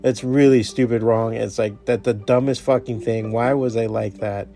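A man's voice: medium pitch, steady tone, moderate pace, vocal fry, warm tone, soft background music. A man hosting his own podcast, talking in a casual, rambling, profanity-heavy motivational monologue. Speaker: podcast host.

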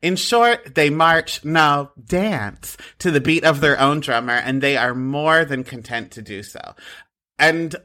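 A man co-hosting a casual movie-recap podcast, animated and laughing often as he recaps the plot. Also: on the high side, slow pace. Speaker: podcast co-host.

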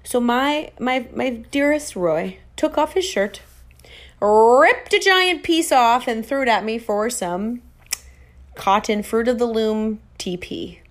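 A woman's voice: fairly high pitch, slow pace. A young woman tells a personal story straight to her audience in a casual, chatty way. She mocks herself and acts out quoted lines with a lot of life. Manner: animated, self-mocking, acts out quoted dialogue.

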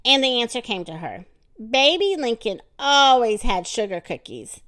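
A woman reading a children's story aloud in an expressive, animated manner with dramatic pauses. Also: on the high side, no room sound, clean studio sound.

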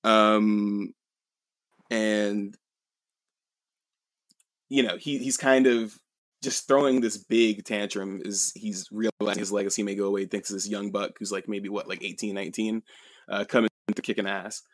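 A man's voice: fairly low pitch, level tone, measured pace, long pauses, dry recording. A man co-hosting a podcast, casually retelling a manga chapter with lots of fillers and swearing. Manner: rambling, with many fillers and swearing. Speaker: podcast co-host.

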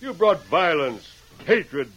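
An actor playing a masked western hero in a 1940s radio drama, giving a stirring, declamatory speech, on a dull old broadcast recording. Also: male voice, on the high side, very animated, slow pace, a bit bright, a little hiss or hum, full character voice. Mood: rousing.

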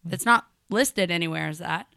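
A young adult woman co-hosting a casual chat show, telling animated, profane stories. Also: on the low side, moderate pace, gravelly, clear, resonant tone, no room sound, studio quality. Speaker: podcast co-host.

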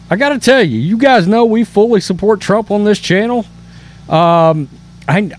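A man hosting a political commentary show, reading news aloud and reacting with emphatic indignation and stammered restarts. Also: high-pitched.

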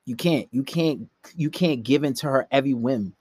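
With a mid-range, slightly mellow voice that has a breathy edge, this young podcast host speaks at a moderate pace from his room at night. He casually rambles through a profane, blunt dating-advice rant, recorded on a laptop with no room sound.

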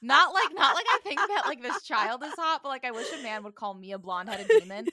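A woman co-hosting a casual recap podcast, narrating scenes in a jokey, animated way and bursting into loud put-on quotes. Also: sits high, fast talker. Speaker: podcast co-host recapping a show. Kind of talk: casual chat.

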